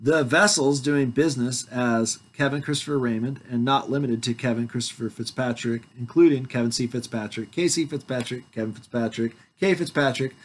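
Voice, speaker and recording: A man in his forties reads legal paperwork aloud to his viewers, stopping to call out every comma, parenthesis and bold heading. His voice sits in a middle pitch. He breaks off now and then to talk straight to his audience. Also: a little fast, few pauses. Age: 40s. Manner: reads word by word, calling out punctuation, with asides to the audience. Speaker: vlogger reading his legal documents aloud.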